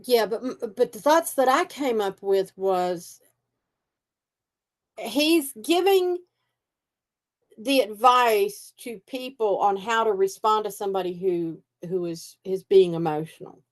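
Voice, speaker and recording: A woman's voice: medium pitch, lively intonation, slow. A woman co-hosting a casual podcast, thinking aloud in a reflective way, often restarting her sentences. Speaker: podcast co-host. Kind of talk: casual conversational podcast chat.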